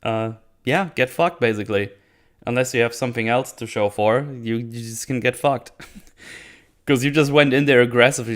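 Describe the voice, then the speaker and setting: A man's voice: medium pitch, moderate pace. A man hosting a casual episode recap, blunt and sarcastic, swearing and restarting his sentences. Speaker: YouTube show host.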